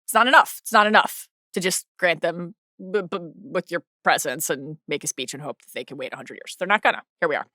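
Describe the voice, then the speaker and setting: A woman co-hosting a TV recap podcast in casual chat, animated, with quick asides and restarts. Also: lowish voice, dry recording, clean studio sound. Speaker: podcast co-host.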